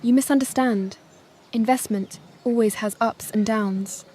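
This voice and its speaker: A woman voicing a stern, controlling older mother-in-law with a Vietnamese accent and clipped, sharp phrasing. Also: fairly high pitch, fairly even intonation, unhurried, slightly rough. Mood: curt.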